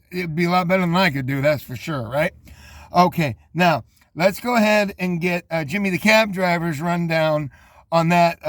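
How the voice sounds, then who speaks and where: A man hosting casual commentary on music videos, relaxed and rambling with asides. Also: on the high side, dry recording. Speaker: host.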